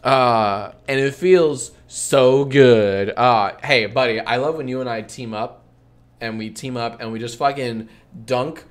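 A young man streaming live in loose comedic banter, his voice sitting at an ordinary middle pitch. He swears nonstop and talks with playful mock bravado, sometimes loudly booing to heckle. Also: unhurried. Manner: loud heckling boos.

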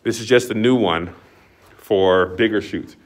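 A man's voice: lowish voice, measured pace. A man giving a casual walking tour of his new studio space, hyping it up like a showman, recorded on a camera mic as he walks through a large empty building. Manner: excitable, showman-like announcing.

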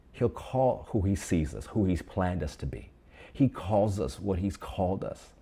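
A man's voice: deep voice, warm tone, breathy edge. A man preaching a sermon, reading scripture aloud and urging the online congregation to repeat phrases after him. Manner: preaching with call-and-response prompts to the online congregation. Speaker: pastor.

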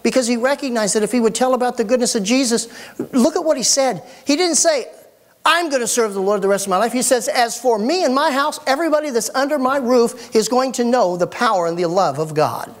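A middle-aged man preaching a sermon as pastor, folksy and animated with joking asides. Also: extremely high pitch, fairly quick.

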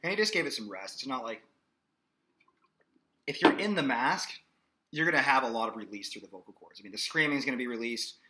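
A man's voice: mid-range voice, animated, fast, pauses often, bright, forceful tone, a little hiss or hum. A man teaching a singing lesson in a casual, explanatory way, often checking in with "okay?". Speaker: vocal coach. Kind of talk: singing lesson with sung demonstrations.

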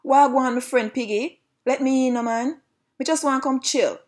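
A woman's voice: mid-range voice, animated, normal speed, darkish tone, husky. A woman voicing a big bad hungry male dog in a storybook, swaggering and boastful in Jamaican patois.

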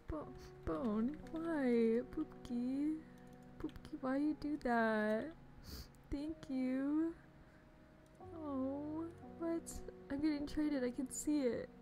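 A woman's voice: sits high, slow, a little mellow, soft background music. A woman streamer chatting casually on a live stream, gushing and giggling as she greets her viewers.

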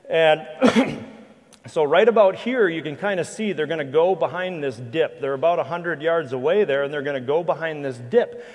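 A man, a hunting guide and guest speaker, telling a lively anecdotal story to a church audience, with frequent restarts. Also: fairly high pitch, fairly quick. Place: church hall with live audience. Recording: long reverb of a large hall.

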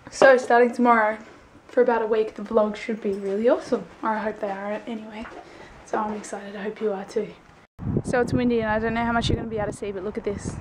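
A young woman chatting casually to camera in a daily vlog, upbeat and talkative, sometimes trailing off softly. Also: mid-range voice, flat delivery, fast. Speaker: vlogger. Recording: background noise.

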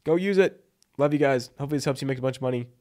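A man's voice: mid-range voice, racing, darkish tone. A man giving blunt, emphatic copywriting advice in a casual vlog, tossing in "like" and "right?" as he goes. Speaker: freelance copywriting coach.

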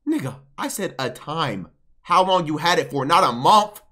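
Bright, animated young man streamer. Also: fairly high pitch. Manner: bossy, fast, animated coaching. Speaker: streamer coaching a friend. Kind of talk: casual stream chat. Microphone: gaming headset.

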